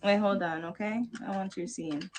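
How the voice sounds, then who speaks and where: A New York-born woman with a Jamaican-American accent speaks passionately on a livestream panel, emphatic, repetitive, and casually swearing. Her medium-pitched voice is brisk, steady in tone, and a little mellow, with slight background noise.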